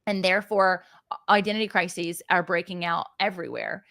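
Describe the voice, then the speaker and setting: A woman's voice: lowish voice, normal speed, creaky, bright, forceful tone, no room sound, clean studio sound. A woman speaking as a podcast guest, earnest and reflective, often laughing as she talks. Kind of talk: conversational interview.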